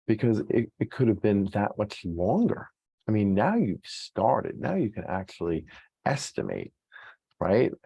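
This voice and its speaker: A man with a low, gravelly and mellow voice speaks as a psychologist giving a motivational self-help talk. His delivery is slow and lively in pitch, earnest and encouraging, with frequent check-ins to the listener. The sound is dry and close. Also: no echo. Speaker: psychologist and weight loss coach.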